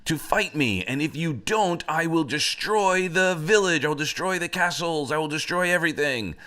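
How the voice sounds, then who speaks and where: A man's voice: fairly high pitch, expressive, normal speed, sharp tone, voice pushed up. A man voicing a huge, red-bearded giant who bellows threats at a village. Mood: bellowing, menacing.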